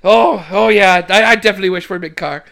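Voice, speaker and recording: A man's voice: high voice, quick pace, creaky. A man doing a giddy simple young priest. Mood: gushing. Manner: gushing, repeating himself excitedly.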